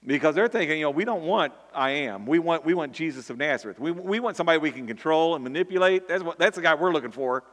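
A man's voice: on the high side, expressive, fast talker, few pauses, fairly bright tone. A man preaching a sermon earnestly, often repeating words and building to emphatic peaks. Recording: long hall reverb.

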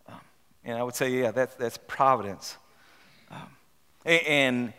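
Halting preacher in a reverberant hall. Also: male voice, medium pitch, fairly bright tone. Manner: halting, repeats words, asks rhetorical questions. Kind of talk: storytelling sermon with read-aloud passages.

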